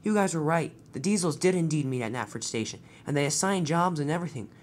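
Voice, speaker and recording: A reader voicing a plucky little tank engine on the run, talking in a hurried, worried way. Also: medium pitch, lively intonation, a little hiss or hum, close to an everyday voice.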